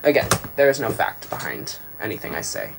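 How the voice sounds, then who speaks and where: Lively, chatty man doing a makeup livestream. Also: on the low side, a little fast, gravelly, background noise. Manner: chatty, rambling, playful, self-deprecating. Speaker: drag performer doing a makeup tutorial. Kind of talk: casual livestream makeup tutorial. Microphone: phone livestream.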